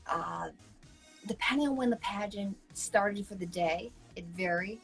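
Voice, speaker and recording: Animated woman telling pageant-style stories. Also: mid-range voice, a little slow, creaky, faint music behind, low-quality recording. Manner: animated storyteller who acts out quoted voices. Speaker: co-host. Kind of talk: casual chat.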